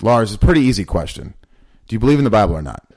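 Man, podcast host, casual talk, insistent questioner, lowish pitch. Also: big pitch swings, racing, a little mellow. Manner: insistent, pressing questions repeatedly.

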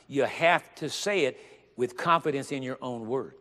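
A man preaching a sermon with emphasis, getting louder and slowing down on the words he stresses. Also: medium pitch. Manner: emphatic, rising to loud stressed phrases, slows down on scripture. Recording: long reverb of a large hall.

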